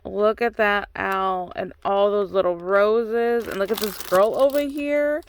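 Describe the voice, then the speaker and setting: Gushing woman unboxing crafts, slow-spoken. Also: medium pitch, slight background noise. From United States. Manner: gushing, exclaims often. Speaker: craft channel host. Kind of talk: excited unboxing chat.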